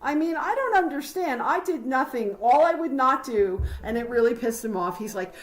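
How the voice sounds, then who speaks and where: A woman's voice: high-pitched, lively intonation, normal speed, hardly any pauses, rough recording. A woman hosting a livestream, ranting heatedly and confrontationally, rambling with fillers. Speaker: livestream host.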